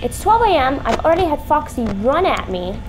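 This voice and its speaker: A woman's voice: high voice, very animated, fairly quick, noisy background. A young woman playing a horror game at home, talking back to its characters and swearing in frustration. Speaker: gaming YouTuber. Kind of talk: let's play commentary. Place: home room with a cat nearby. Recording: music playing under the voice.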